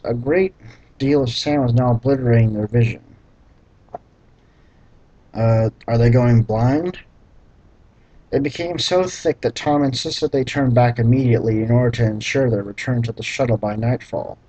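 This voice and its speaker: A man reading a badly written novel aloud and breaking off for deadpan, sarcastic, profane commentary. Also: mid-range voice, normal speed, low-quality recording. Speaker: reader mocking a book.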